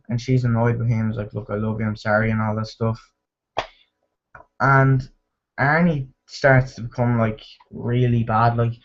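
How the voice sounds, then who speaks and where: A man's voice: mid-range voice, a little mellow. Guy rambling thru a movie review, lots of likes and ums, kinda muffled lo-fi audio. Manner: rambling, filler-heavy, with restarts and mimicked quotes. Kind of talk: casual spoken movie review.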